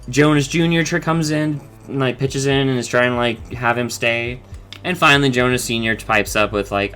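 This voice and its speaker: Bright-voiced man rambling through a recap. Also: mid-range voice, faint music behind. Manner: rambling, profane, quick retelling with acted quotes. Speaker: show recap vlogger. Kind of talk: casual episode recap.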